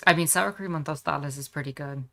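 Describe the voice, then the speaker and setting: Wry low-voiced woman streamer. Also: fast, vocal fry, pushed and bright. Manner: wry, joking asides. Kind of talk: casual game-stream commentary.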